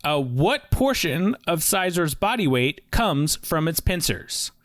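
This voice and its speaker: A man running a casual podcast quiz as the teacher, halting and full of uhs and restarts. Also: fairly high pitch, very animated, a bit bright, no echo, clean studio sound.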